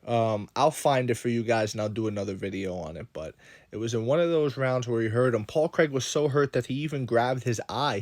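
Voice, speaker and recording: A man's voice: medium pitch, a little mellow, no echo. A man giving his opinions on mixed martial arts as a vlogger, in a casual, conversational monologue full of rhetorical questions. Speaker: MMA commentary vlogger.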